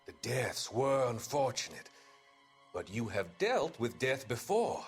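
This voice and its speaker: A cold manipulative psychiatrist. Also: male voice, mid-range voice. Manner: calm, clinical, measured. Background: game music.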